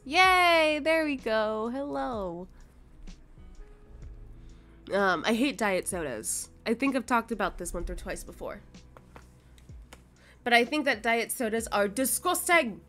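A young woman with a mid-range, bright and forceful voice streams a game while sleepy and yawning. She chats casually with her audience, reading and answering their messages, cursing and laughing.

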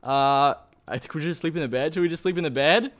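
An excitable man with a fairly high voice narrates his game as he plays. He talks in a chatty, think-aloud way, hosting a let's play video. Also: fast. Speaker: gaming video host.

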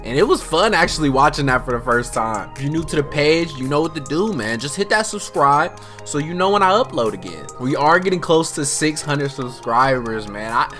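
Young male gaming host, laid-back slangy commentary with excited outbursts, slightly high, bright tone. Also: moderate pace, hardly any pauses, faint music behind. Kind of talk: casual gameplay commentary.

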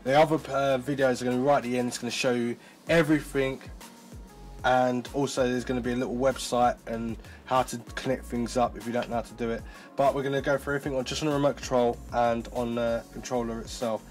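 Male tech reviewer, chatty, mid-range voice, easily amazed, faint background music. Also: medium pitch. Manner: excitable, chatty, thinks aloud. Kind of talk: casual product demo.

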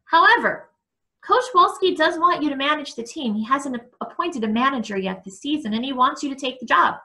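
A matter-of-fact middle-aged father, read by a woman lays things out briskly. The voice stays bright and fairly high. The character comes from a storybook reading. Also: expressive, exaggerated voice. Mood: explaining. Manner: brisk, explaining.

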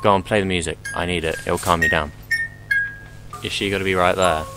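A man's voice: deep voice, fairly even intonation, fairly quick, over loud music, rough recording. A young man commentating his horror gameplay, rambling and joking, swearing often and talking back to the game.

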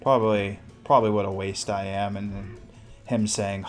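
A young man hosting a casual solo let's play, cursing, mocking himself and yelling at the game as he plays. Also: fairly low pitch, level tone, moderate pace, over music. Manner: profane, self-mocking, shouts at the game. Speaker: gaming podcast host.

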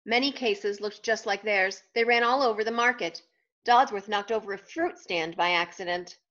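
A woman reading a children's picture book aloud, pausing for playful questions to young listeners. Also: medium pitch, fairly bright tone, dull audio.

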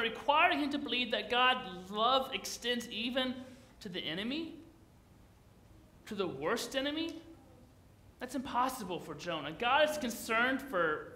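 A man's voice: very high-pitched, bright, forceful tone, reverberant. A man preaching a sermon as pastor, in a conversational, playful way, often putting questions to the congregation.

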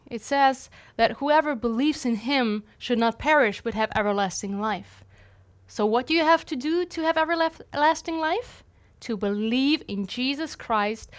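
Earnest woman giving a devotional talk. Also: fairly high pitch. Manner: earnest and conversational, with light humor. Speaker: missionary devotional speaker.

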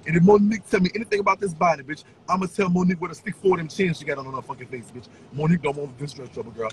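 A man ranting on a livestream in a taunting, profane way, with sing-song chants and bursts of shouting. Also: a little high, very fast, a little hiss or hum, rough recording. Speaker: social media personality.

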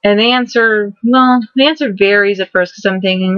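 A woman's voice: medium pitch, fairly quick, hardly any pauses, no room sound. A young woman in her twenties talks straight to the camera in a casual vlog, rambling and tripping over her own words. Her voice sits in a middle range. The recording is dull and lo-fi, with a dry, close sound. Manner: rambling, repeats and restarts words, excitable. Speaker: vlogger host.

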